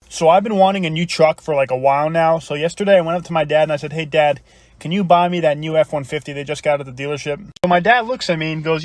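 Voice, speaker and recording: A man telling long comedic jokes, building quickly to each punchline. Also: fairly high pitch. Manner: fast, punchline-driven delivery. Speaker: storyteller.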